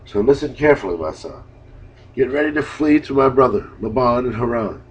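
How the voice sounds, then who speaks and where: A man's voice: medium pitch, expressive, fairly quick, slightly rough. A man reading the part of a scheming mother, urgent, in a dull lo-fi recording.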